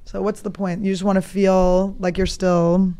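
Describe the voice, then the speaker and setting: Women in her 30s hosting a comedy podcast, swears a lot, clear smooth voice. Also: medium pitch, little pitch movement, normal speed, warm tone. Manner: blunt, profane, storytelling. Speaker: podcast host. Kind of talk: casual comedic chat.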